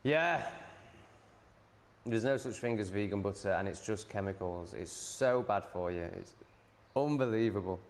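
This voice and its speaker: A man's voice: fairly low pitch, unhurried. A man ranting casually at home in a blunt, sardonic way, swearing freely. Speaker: vlogger.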